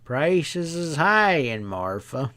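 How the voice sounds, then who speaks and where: A sly, placid young stableman, put on by a male audiobook narrator, drawls every word slowly, as if he has all day. His voice sits a touch higher than a plain man's speech and sounds set back from the mic. He comes across as unhurried and cocky. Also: sing-song, a bit bright, heavily acted.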